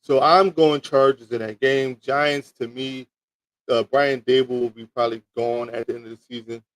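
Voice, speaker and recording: A man's voice: mid-range voice, steady tone, normal speed, no room sound, poor audio. A man hosting a sports talk show, rambling through football picks and teasing his live chat, with lots of repeats and restarts. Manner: rambling, repeats words, teasing chat with mock toilet flushes.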